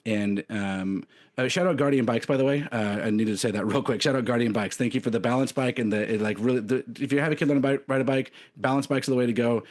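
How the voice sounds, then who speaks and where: A man's voice: mid-range voice, fast. A man in his thirties co-hosting a podcast, talking candidly in a rambling way, full of fillers and restarts. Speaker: podcast co-host. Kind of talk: casual chat.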